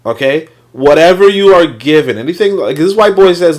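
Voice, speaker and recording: A man's voice: on the high side, animated, normal speed, a little mellow. Male host, casual rambling commentary on a reading, filler-heavy and blunt. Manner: rambling, loose, many fillers and restarts, swears.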